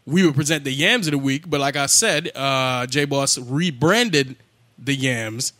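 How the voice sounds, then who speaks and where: A man's voice: medium pitch, a little slow, bright, forceful tone, dry recording. A man co-hosting a podcast in crude, casual banter, laughing and swearing and stumbling over names. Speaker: podcast co-host.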